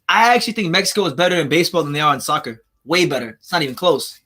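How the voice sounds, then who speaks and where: A man's voice: a little high, lively intonation, racing, pushed and bright. A man hosting a casual livestream, reading viewer comments, rambling and repeating himself as he talks. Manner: rambling, repeats himself, laughs at his own jokes. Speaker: livestream host.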